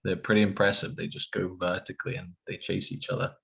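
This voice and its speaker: A man's voice: low-pitched, little pitch movement, quick pace, creaky, a bit bright, slightly rough, low-quality recording. A man, a golf professional guest talking in a modest, hesitant way in casual chat.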